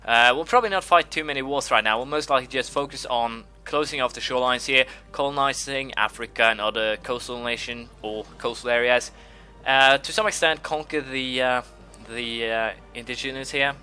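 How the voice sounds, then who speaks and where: A man with a very bright, sharp voice talks through a strategy game, halting often with fillers and restarts while fighting the hiccups. His pitch sits in an ordinary middle range, and faint game music plays softly behind him. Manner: rambling, hesitant, many fillers and restarts. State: has the hiccups. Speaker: let's-play host. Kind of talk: gameplay commentary.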